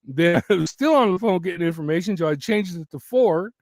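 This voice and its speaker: A man's voice: high-pitched, lively intonation, brisk, no echo, clean studio sound. A man hosting his YouTube channel in casual live chat from home, rambling with frequent restarts and laughs, his voice wearing thin. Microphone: very close to the mic.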